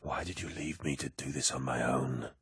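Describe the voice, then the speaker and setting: A man doing a deep brooding warlord. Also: unhurried, a bit bright, dry recording, clean studio sound, heavily acted. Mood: anguished hush. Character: grim embattled male warlord commander. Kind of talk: audiobook character voice.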